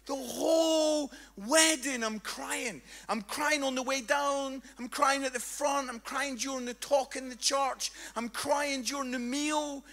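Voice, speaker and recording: High-voiced, animated preacher man. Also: a little slow, few pauses. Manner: animated storytelling with comic impressions. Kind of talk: humorous sermon. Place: church hall with congregation.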